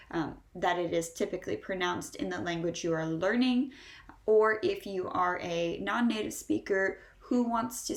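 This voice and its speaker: A woman with a Northeastern American accent teaching English pronunciation, sounding out model words slowly and repeating each one. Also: medium pitch, echoey room. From Northeastern United States. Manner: slow, drawn-out model words repeated three times. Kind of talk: pronunciation lesson.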